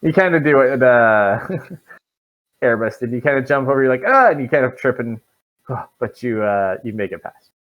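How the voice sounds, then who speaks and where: A man at a medium pitch runs a tabletop game as dungeon master. He talks in a relaxed way, stopping on fillers as he describes the scene to his players over a voice call. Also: normal speed, highs cut off.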